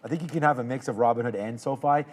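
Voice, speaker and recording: A man's voice: mid-range voice, very fast. A man co-hosting a live trading show, joking with his partner and then talking through stock chart levels in a loose, chatty way. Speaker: co-host and trader. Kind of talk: casual banter and market commentary.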